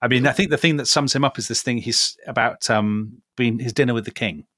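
A man's voice: mid-range voice, a little fast, fairly bright tone, dry recording, studio quality. A man co-hosting a casual history podcast, chatty and hesitant, with wry asides. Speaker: podcast co-host.

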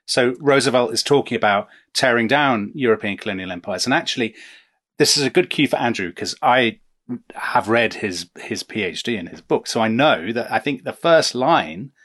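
A man's voice: medium pitch, lively intonation, moderate pace, fairly bright tone. A man hosting a conversational discussion, jumping in to steer it toward a guest.

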